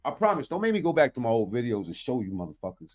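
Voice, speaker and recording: A man's voice: mid-range voice, big pitch swings, very fast, a little mellow, faint music behind. A man giving blunt, profane, rambling commentary as he reacts to video clips. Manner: blunt, heavy swearing, rambling street talk.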